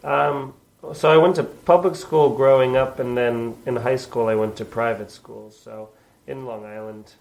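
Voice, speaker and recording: A man's voice: mid-range voice, steady tone, unhurried, vocal fry, a little mellow, low-quality recording. A man from New York, a comedian guest, chatting casually in a basement with rambling, self-deprecating jokes. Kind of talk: casual chat.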